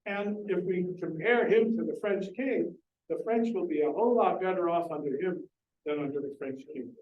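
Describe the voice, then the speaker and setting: A man with a high, light voice lectures in an earnest, explanatory way, now and then turning questions to the people listening. He is recorded from a distance in a reverberant library room. A faint room hum sits under his voice. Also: moderate pace, phone-quality sound. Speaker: lecturer on Shakespeare. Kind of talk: public lecture. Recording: echoey room, distant mic.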